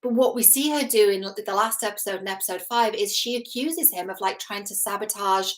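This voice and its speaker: A woman's voice: medium pitch, brisk, rough recording. A middle-aged woman talks casually to camera as a relationship coach. She is earnest and chatty, with a mid-range voice, acts out the lines she quotes and laughs at herself now and then. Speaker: relationship coach reacting to a TV series.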